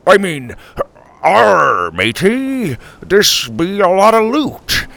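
A man's voice: high voice, very animated, takes it slowly, gravelly, sharp tone, pitched above the performer's own voice, full character voice. Man playing a flustered old grandpa faking pirate talk. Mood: bumbling. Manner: bumbling, overdone pirate slang.

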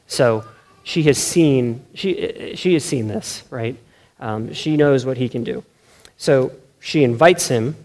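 A male pastor gives a sermon in a loose, talky style. He restarts his sentences and keeps checking in with a quick "right?". His voice sits in a middle pitch, and he laughs easily. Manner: conversational, self-correcting, keeps asking "right?"; animated, laughs often.

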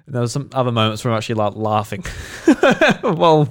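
A man's voice: mid-range voice, huge pitch swings, fairly quick. Laughing Australian man co-hosting a podcast. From South Australia. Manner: laughs often, swears, acts out quotes. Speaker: podcast co-host. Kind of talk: casual chat.

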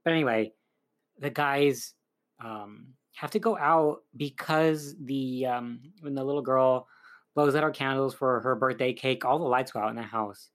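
A man's voice: medium pitch, normal speed. A man casually recapping a film's plot as a reviewer, rambling with lots of fillers. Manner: chatty, rambling, full of "like" and "um". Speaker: film reviewer.

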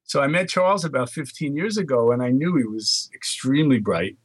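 An older man from the Bronx, telling animated stories as an interview guest. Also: medium pitch, fairly quick. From New York, Bronx. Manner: animated anecdotes with quoted dialogue. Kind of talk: storytelling interview.

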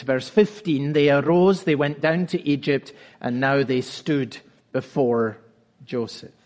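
A man's voice: fairly high pitch, a little mellow, long reverb tail. A male pastor preaching a sermon, earnest and building to emphatic points.

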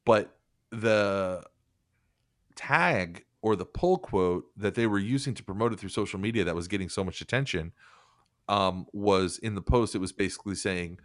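A man's voice: fairly low pitch, normal speed, a bit bright, dry recording, studio quality. A man hosting a casual podcast chat, rambling and sardonic, swearing freely as he reads from and mocks an article.

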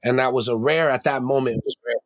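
A man's voice: mid-range voice, fairly even intonation, fast, no echo. Reflective man telling a story, dry sound. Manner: reflective storyteller, tag questions, slangy. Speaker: podcast guest, emcee and educator. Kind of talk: candid podcast conversation.

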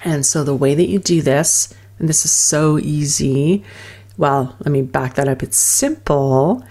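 Low-voiced woman coaching calmly. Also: a little slow. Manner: soothing, speaks in loose fragments with many fillers. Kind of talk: guided wellness teaching.

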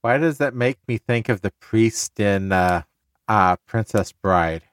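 A man co-hosting a casual book podcast who jumps in eagerly with quick asides. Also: on the low side, clean tone, no room sound. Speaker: podcast co-host.

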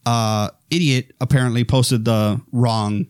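Excitable guy rambling about movies, voice jumping around, dead dry mic. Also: mid-range voice, unhurried, smooth, no room sound. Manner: animated, rambling with restarts. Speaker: podcast host. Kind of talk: casual film chat.

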